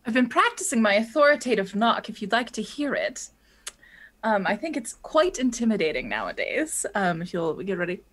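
A woman's voice: medium pitch, big pitch swings, moderate pace, a bit bright, slight background noise. A woman playing a tabletop game online with dry, mock-formal jokes. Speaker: player. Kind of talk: playful in-character banter.

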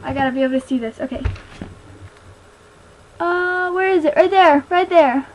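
A woman's voice: very high voice, normal speed, a little mellow, a little hiss or hum, low-quality recording. A young woman chatting casually in a video diary, bouncy and self-conscious. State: out of breath. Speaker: vlogger.

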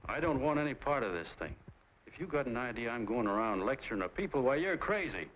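Actor plays a blunt, stubborn ballplayer, medium voice, muffled old-film audio. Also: male voice, medium pitch, very animated, quick pace, close to an everyday voice. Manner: blunt, reluctant. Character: plain-spoken male ballplayer, stubborn. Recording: muffled 1940s film soundtrack, faint hiss.

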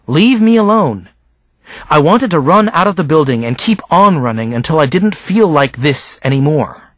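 A man's voice: lively intonation, normal speed, fairly bright tone, dry recording. A man reading a novel aloud as scripted audiobook narration, acting out the characters' lines. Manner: acts out each character's lines with raised pitch.

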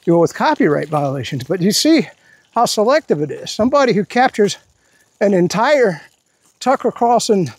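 A man's voice: sits high, sing-song, normal speed, breathy edge. A man giving a rambling, indignant political rant while out walking his dog, restarting his sentences often. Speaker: political commentary vlogger. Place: outdoors.

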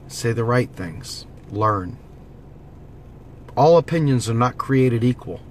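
A political vlogger delivers an impassioned monologue straight to camera, speaking slowly in an animated, mid-range voice with a little hiss or hum. Preachy and urgent, he repeats slogans to rally his viewers.

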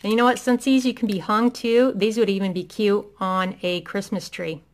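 At home, this Indiana haul vlogger, a middle-aged woman, talks excitedly through her products and says "um" a lot. She speaks at a normal speed in a mid-range voice with fairly even intonation.

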